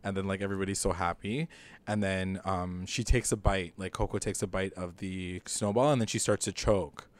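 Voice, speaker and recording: A man's voice: low-pitched, fairly even intonation, brisk, no room sound. A man co-hosting a casual podcast, retelling a TV episode with lots of fillers and acted-out quotes, often laughing. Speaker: podcast co-host. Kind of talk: casual recap chat.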